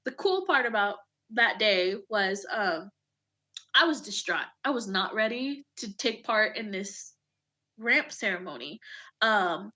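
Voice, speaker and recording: A woman in her thirties, an Army veteran, telling a personal story in an emotional, animated way, with casual swearing and acted-out quotes. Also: mid-range voice, unhurried. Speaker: podcast guest, Army veteran.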